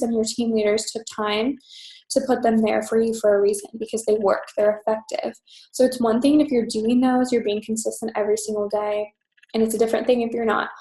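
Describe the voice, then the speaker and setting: A young woman team leader giving a fast, chatty, upbeat orientation talk full of "um" and "you guys". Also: a little high, dark tone. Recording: echoey room.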